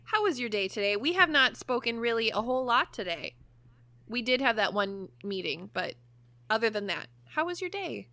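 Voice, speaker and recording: A young woman co-hosting a podcast, telling a story in a lively way, swearing freely and laughing often. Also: on the high side, moderate pace, dry recording. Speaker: podcast co-host. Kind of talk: casual chat, storytelling.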